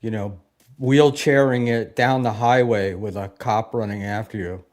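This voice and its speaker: A man in casual podcast chat, dropping dry, deadpan jabs. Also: lowish voice, moderate pace.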